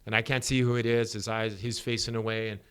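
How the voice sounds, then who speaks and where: A middle-aged sport psychologist, a guest in a podcast interview, explains ideas through animated stories and acts out the dialogue. His somewhat low voice is smooth, and he talks fast.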